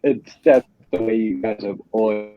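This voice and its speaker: A man's voice: on the low side, fairly even intonation, moderate pace, no echo. Man, easygoing, laughing, casual chat, dry dull audio.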